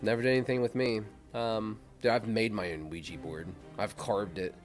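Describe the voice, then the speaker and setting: A man's voice: on the low side, steady tone, normal speed, soft background music. A man co-hosting a podcast, telling ghost stories in a rambling, profane, casual way that often trails off into a mumble. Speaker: podcast co-host. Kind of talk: casual chat.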